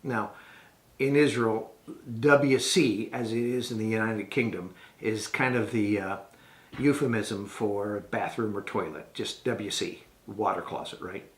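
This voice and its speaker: Patient man teaching words in a roomy echo. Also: fairly low pitch. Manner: patient, spells words out slowly. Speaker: tour leader teaching travel phrases. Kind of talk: casual spoken lesson to camera.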